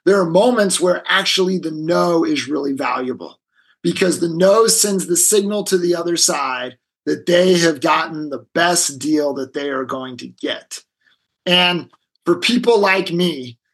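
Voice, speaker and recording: A man with a husky, slightly high voice, speaking as a guest in an interview. He tells a story with energy and slips into the voices of the people in it. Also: rough recording. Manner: animated storyteller acting out quoted voices. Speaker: guest, negotiation expert. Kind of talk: storytelling in a conversation.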